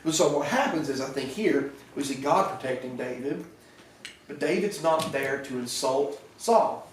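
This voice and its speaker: A pastor with a Southern American accent preaching a conversational evening sermon, retelling scripture stories with little voices and many restarts. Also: male voice, mid-range voice, expressive, normal speed, a little hiss or hum. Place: church sanctuary. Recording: echoey church from far off.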